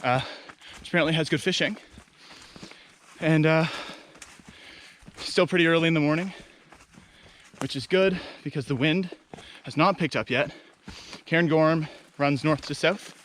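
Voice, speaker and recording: A man talking casually to the camera while walking a portage trail and carrying gear, often pausing with filler sounds and restarting his phrases. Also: fairly high pitch, fairly bright tone, slight background noise. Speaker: canoe trip vlogger. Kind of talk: casual on-the-go video diary. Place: outdoors on wilderness portage trails.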